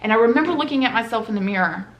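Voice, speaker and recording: A woman's voice: a little high, expressive, racing, highs cut off. A woman telling a personal story on her vlog in a casual, heartfelt, conversational way. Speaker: vlogger. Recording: roomy echoey room.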